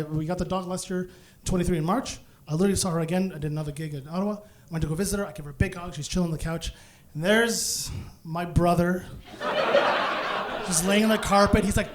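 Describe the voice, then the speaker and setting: A man doing live stand-up on a comedy stage, telling a long story in a lively way. His voice sits high for a man. He slips into other people's voices and breaks into sudden shouts. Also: noisy background. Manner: animated, acts out voices, bursts into shouts.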